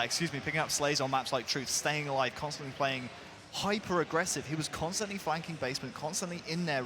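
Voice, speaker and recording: A man's voice: mid-range voice, background noise. A man working as an esports analyst, giving talkative, thorough breakdowns of the match at an analysis desk.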